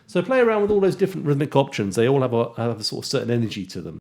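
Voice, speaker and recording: A man teaching jazz guitar in a relaxed way, counting beats aloud and scatting rhythms. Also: mid-range voice, very fast, creaky. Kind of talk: casual instructional talk with counting and scatting. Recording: guitar playing underneath speech. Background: loud guitar music.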